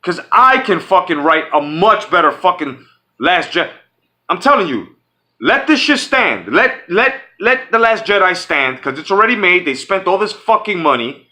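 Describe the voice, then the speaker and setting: A man's voice: high voice, big pitch swings, moderate pace, sharp tone. A man hosting his own channel, ranting angrily and profanely, often repeating himself and restarting his sentences. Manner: profane, heated, repetitive. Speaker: channel host. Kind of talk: angry fan rant.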